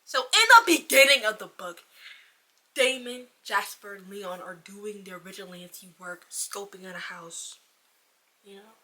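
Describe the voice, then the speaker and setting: A woman giving a casual, profane, rambling book review in an animated ranting manner. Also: medium pitch, measured pace.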